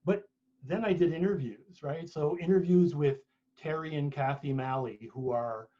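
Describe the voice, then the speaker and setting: A husky, somewhat high-voiced man spins an anecdote in a loose, chatty way, often restarting his sentences. The sound is dull and lo-fi, like an online talk. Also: normal speed, mellow. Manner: chatty storyteller, many restarts. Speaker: author and speaker. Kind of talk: conversational talk at a book launch.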